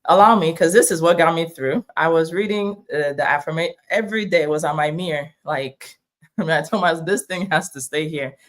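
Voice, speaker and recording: A woman's voice: low voice, brisk. A woman adding her own story to a panel talk show, speaking candidly and reflectively in a conversational way. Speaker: panel guest.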